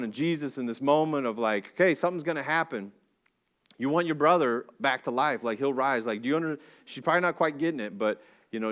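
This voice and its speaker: A man preaching a sermon in a church, telling a story in a casual, animated way with slang and jokey asides. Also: medium pitch. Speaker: pastor. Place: church sanctuary.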